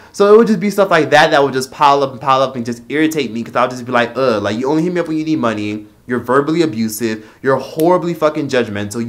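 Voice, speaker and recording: Brief: a man of middle pitch, casual vlog rant, blunt and profane. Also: fairly bright tone. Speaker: vlogger.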